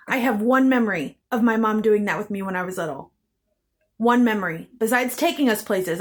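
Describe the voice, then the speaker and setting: Woman vlogger, fairly high voice, raw and heated personal storytelling with heavy swearing. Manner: intense, bitter, heavy swearing; repeats phrases for emphasis.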